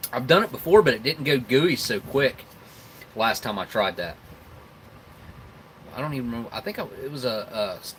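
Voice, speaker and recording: A man's voice: mid-range voice, fairly bright tone, a little hiss or hum, low-quality recording. A man with a Southern rural American accent hosting a casual live stream, rambling and chuckling as he tastes snacks and talks with his mouth full.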